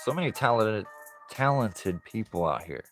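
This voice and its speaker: A man's voice: lowish voice, animated, moderate pace, faint music behind. A man chatting casually on a live stream as he opens card packs, easygoing and laughing often.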